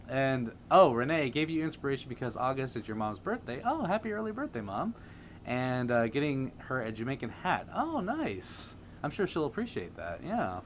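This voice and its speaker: A man's voice: medium pitch, slight background noise. A man hosting a casual livestream, reading viewer comments aloud and laughing often. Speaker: livestream host.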